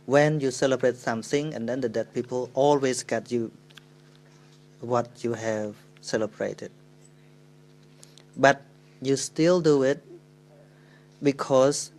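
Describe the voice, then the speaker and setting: A man with a Khmer accent gives a Buddhist dharma talk in English, telling a teaching story. He speaks slowly and deliberately, in an ordinary middle pitch. He often pauses and corrects himself as he searches for the right words. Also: darkish tone, poor audio. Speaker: Buddhist monk.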